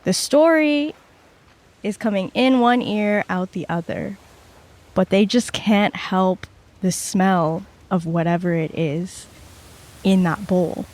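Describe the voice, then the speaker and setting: A player slowly narrating their character's actions in a tabletop game, with descriptive detail. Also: mid-range voice, a little mellow. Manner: slow, descriptive.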